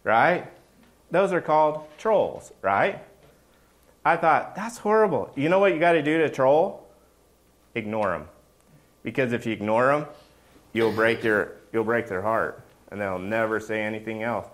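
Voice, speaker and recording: A man's voice: mid-range voice, a little slow, long pauses. A middle-aged man giving a casual, joking sermon as a pastor, often checking in with the congregation by asking "right?".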